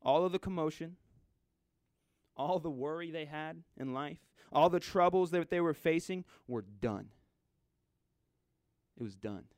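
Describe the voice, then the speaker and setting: A man preaching a sermon in a conversational way, swinging from loud, urgent lines to hushed ones. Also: fairly high pitch, unhurried, pauses often, no echo, clean studio sound.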